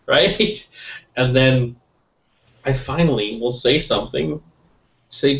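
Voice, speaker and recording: A man giving a casual motivational sales talk, lively and often tagging on "right?". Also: medium pitch, a little slow, slight background noise. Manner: lively, keeps adding "right?", laughs often. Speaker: guest sales trainer. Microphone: webinar call mic. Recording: roomy, distant, dull call audio.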